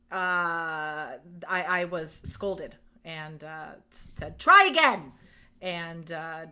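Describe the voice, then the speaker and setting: A woman in a casual podcast chat who talks emphatically and bluntly, with sudden loud bursts. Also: fairly low pitch.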